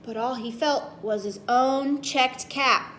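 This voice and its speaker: A woman's voice: high-pitched, takes it slowly, fairly bright tone, a little hiss or hum. A woman reading a children's story aloud, playfully asking the kids questions as she goes.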